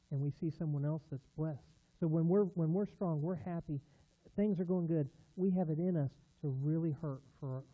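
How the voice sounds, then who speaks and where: Pastor, male, a bit high-pitched, conversational sermon storytelling, earnest with emphatic swells, tinny phone-like audio. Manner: earnest, building to emphatic bursts.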